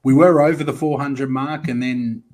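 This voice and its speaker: An Australian podcast host with a mid-range voice and a moderate pace runs a casual football podcast. He's chatty and relaxed, calling on guests and reading out viewer comments.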